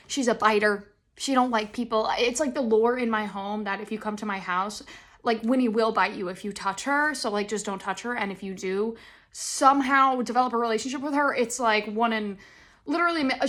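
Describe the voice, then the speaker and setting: A young woman chats on her podcast, her voice bright and sitting a bit high. She rambles through her stories with lots of animated asides and acts out what everyone said along the way. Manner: rambling, animated storytelling with acted-out quotes. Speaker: podcast host. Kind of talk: casual chat.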